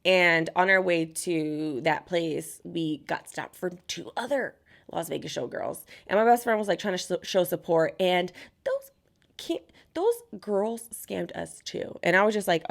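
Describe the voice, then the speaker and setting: Brief: young woman vlogger, casual storytime chat, lively quoting, vocal fry. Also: lowish voice, measured pace. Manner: chatty, animated quoting of others. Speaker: beauty vlogger.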